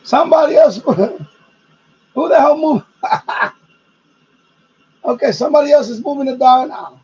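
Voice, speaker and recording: A man's voice: very high voice, a little slow, a little mellow, lo-fi sound. A man hosting a live stream while tuning a radio, chatting casually and chuckling as he thinks aloud.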